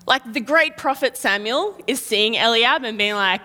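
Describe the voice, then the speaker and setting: A woman preaching a sermon, telling a Bible story in a lively way and acting out the quotes. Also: a little high, normal speed, hardly any pauses. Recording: long reverb of a large hall.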